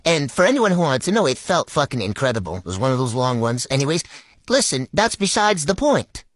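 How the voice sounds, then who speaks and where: A man's voice: medium pitch, big pitch swings, brisk, fairly bright tone, no room sound. A man telling a crude storytime in a casual way, swearing constantly and talking straight to the listener.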